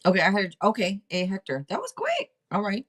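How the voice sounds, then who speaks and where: A woman's voice: mid-range voice, wildly swooping pitch, a little fast. Chatty middle-aged woman tarot reader. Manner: rambling, chatty, talks out loud to herself. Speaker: tarot reader and livestream host. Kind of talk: casual livestream tarot reading.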